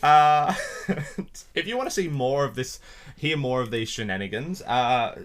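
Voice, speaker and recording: A man's voice: medium pitch, expressive, measured pace, a bit bright. Joking young man co-hosting a podcast. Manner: jokey, laughs often. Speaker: podcast co-host. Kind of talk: casual chat. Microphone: studio microphone.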